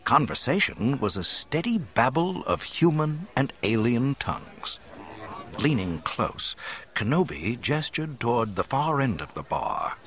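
A man narrating an adventure story aloud in an expressive, dramatic reading style. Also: on the low side. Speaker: audiobook narrator. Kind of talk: scripted narration.

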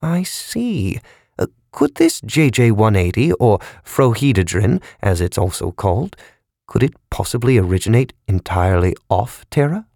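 A man's voice: fairly low pitch, very animated, normal speed, creaky, a little mellow, no room sound, heavily acted. A man narrating a story, voicing a severe, educated man who speaks in a precise, dry and cutting way. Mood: probing.

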